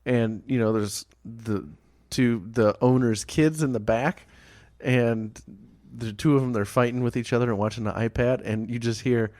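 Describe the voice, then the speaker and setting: A man's voice: medium pitch, fairly even intonation, normal speed, darkish tone, dry recording. A man co-hosting a podcast in casual crude banter, swearing and laughing as he tells stories. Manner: profane, laughing storyteller. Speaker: podcast co-host. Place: basement.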